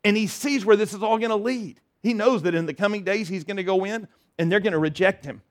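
A middle-aged man delivers a sermon, his voice sitting slightly higher than most men's. He talks earnestly and conversationally, stumbling over restarts. He rises to loud declarations and falls to quiet, low passages. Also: fast. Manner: earnest, conversational preaching with many restarts and swings between loud and soft. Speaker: pastor.

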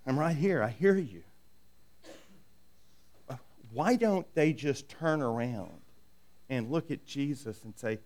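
A man's voice: mid-range voice, expressive, unhurried, a little mellow. A middle-aged man preaching a sermon in a conversational way, often asking "right?" and acting out quoted voices. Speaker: pastor.

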